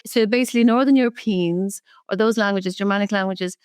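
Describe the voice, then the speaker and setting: An Irish woman speaking as a podcast guest, telling animated stories and laughing often. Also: mid-range voice, a little fast, smooth, no room sound, studio quality. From Ireland. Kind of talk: casual conversational interview.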